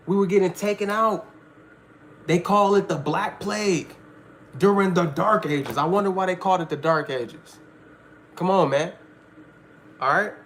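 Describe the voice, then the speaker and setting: A man's voice: high voice, a little hiss or hum. A man teaching a Bible study in a preaching style, emphatic and full of street slang, often asking listeners if they follow. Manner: street slang, repeats "all right".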